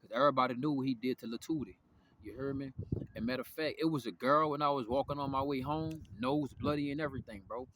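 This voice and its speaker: A man's voice: mid-range voice, quick pace. A young man telling a story in a rambling, profane monologue, full of slang and restarts. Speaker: vlogger. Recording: noisy background.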